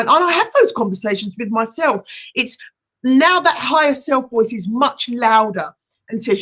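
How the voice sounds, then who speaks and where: A middle-aged woman, a hypnotherapist hosting a live-streamed chat, speaking in an encouraging, animated way. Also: on the high side, normal speed. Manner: encouraging, animated, reads viewer comments aloud.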